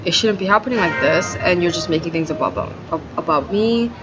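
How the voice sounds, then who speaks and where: A woman's voice: lowish voice, lively intonation, a little fast, over music. A woman ranting in a video diary, venting her grievances in a profane, aggrieved way and saying "like" again and again. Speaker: video diarist. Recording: dull lo-fi audio with noisy background.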